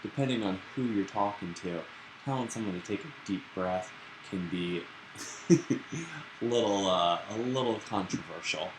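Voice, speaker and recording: A man teaching a live-streamed yoga class in a relaxed, chatty and playful way. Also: fairly low pitch, a little slow. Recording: roomy echo with background noise.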